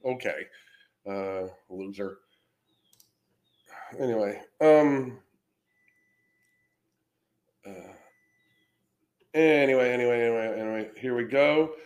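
A man's voice: mid-range voice, unhurried, pauses often, darkish tone, lo-fi sound. A man hosting a podcast livestream, reading comments aloud and mocking trolls in a brash, profane, casual way. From Florida. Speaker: podcast host reacting to comments.

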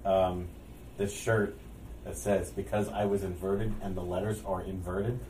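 A man's voice: low voice, little pitch movement, unhurried. A man co-hosting a casual podcast, dropping dry wisecracks. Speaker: podcast co-host. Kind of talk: casual chat. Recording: roomy, distant mic with faint noise.

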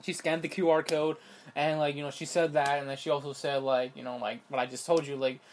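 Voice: medium pitch, flat delivery, a little fast, a little hiss or hum. A young adult vlogger ranting in a casual, rambling way, exasperated and incredulous, with constant "like" fillers and restarts. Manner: rambling, heavy use of "like" fillers. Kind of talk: casual rant to camera.

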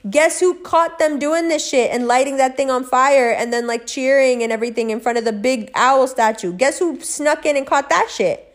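A middle-aged woman vlogger tells a rambling personal story in a casual monologue, barely pausing. Her voice sits high and moves at a moderate pace, and she swears freely while swinging between loud excitement and hushed recounting.

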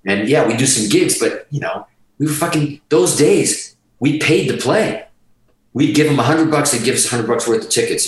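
A man's voice: mid-range voice, animated, moderate pace, far from the mic. A middle-aged man, telling a story in casual talk, swearing constantly and emphatically, getting emotional. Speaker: podcast guest. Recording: roomy, from off the mic.

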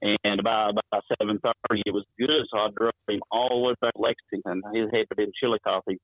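A wrestling promoter, telling stories in a rambling, chuckling way while calling in to an interview. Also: male voice, fairly low pitch, steady tone, a little fast, dry recording. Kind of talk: phone-in interview storytelling. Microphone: phone. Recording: tinny dry phone line.

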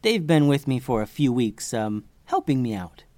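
A man voicing a small, gentle female mist fairy with a soft, friendly manner. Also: mid-range voice, sing-song, normal speed, no echo, natural voice.

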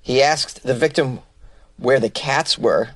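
A man's voice: medium pitch, takes it slowly, dry recording. A man hosting a comedy news podcast, reading odd stories and riffing on them with sarcastic asides.

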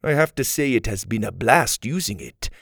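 A man's voice: medium pitch, expressive, moderate pace, vocal fry, fairly bright tone, dry recording, studio quality. A man voicing a playful, menacing male villain in a children's audio story. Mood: teasing. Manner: teasing, then threatening.

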